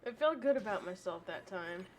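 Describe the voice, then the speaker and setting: A woman's voice: mid-range voice, lively intonation, normal speed, a little hiss or hum. A woman streamer commentating her own gameplay live, talking to herself, swearing and venting in frustration. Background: faint game music.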